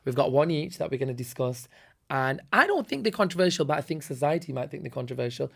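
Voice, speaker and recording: Guy hosting a chatty podcast, bit higher voice, strong opinions, cuts in a lot. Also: animated, gravelly, slightly rough. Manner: opinionated, emphatic, quick to jump in. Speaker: podcast host. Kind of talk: casual chat.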